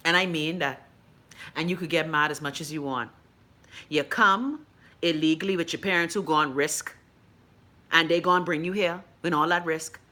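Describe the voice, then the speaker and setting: A woman's voice: normal speed, pauses often. Blunt, profane Bahamian woman host. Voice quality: animated, swings between loud outbursts and low mutters. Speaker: call-in show host. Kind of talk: blunt profane live-stream rant.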